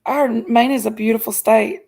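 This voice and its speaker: This middle-aged livestream host has a fairly high, steady voice that's creaky and dark in tone, captured in a rough recording. Chatting casually, she reads viewers' comments with playful, long-drawn exclamations.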